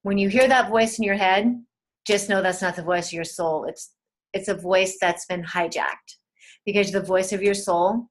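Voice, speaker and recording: A woman teaching a spiritual webinar in a gentle, soothing way, talking straight to her listeners and repeating key words. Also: medium pitch, measured pace.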